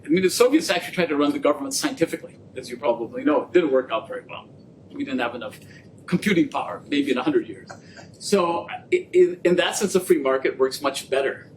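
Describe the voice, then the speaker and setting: A man speaking at a public lecture, fielding questions in an animated, joking way and acting out bits of dialogue. His voice sits a little high for a man. A faint low rumble runs underneath. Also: low-quality recording. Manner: animated, jokey storytelling with quoted dialogue. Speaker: guest speaker on trade policy. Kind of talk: lecture and audience Q&A. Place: lecture venue.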